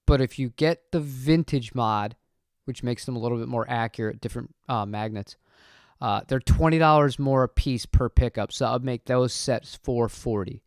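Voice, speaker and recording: Chatty man with a smooth, dry voice. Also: mid-range voice, dry recording. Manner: rambling, chatty, reads chat aloud. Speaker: channel host. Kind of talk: casual live-stream chat.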